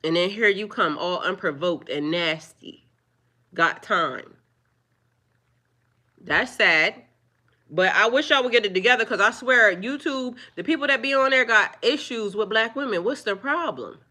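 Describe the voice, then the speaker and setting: A woman talking live to her viewers, firmly scolding trolls in a preachy, drawn-out way. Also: a little high, lively intonation, sharp tone. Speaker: livestreamer. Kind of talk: live-stream chat with viewers.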